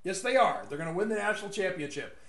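High-voiced man ranting. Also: animated, fast, a bit bright, reverberant. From West Texas. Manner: rambling, mocking, laughs at own jokes. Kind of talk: casual opinionated monologue.

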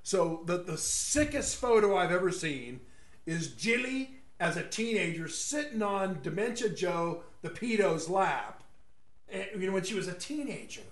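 Man, high-pitched, rambling mocking monologue, echoey room. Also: very animated, unhurried. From West Texas. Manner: rambling, mocking, laughs at own jokes. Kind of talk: casual opinionated monologue.

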